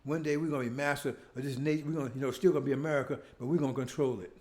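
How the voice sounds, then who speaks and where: A man leading his own show preaches a monologue in a very fast, mid-range voice with a darkish tone and fairly even intonation. He speaks with heavy emphasis and repeats himself. He keeps asking "See?" and throws in rhetorical questions and mocking asides.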